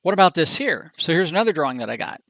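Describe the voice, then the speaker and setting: Man, software trainer, casual presentation, folksy, animated, dry close recording. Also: fairly high pitch, quick pace, no echo. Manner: folksy, chatty and animated, with slang asides.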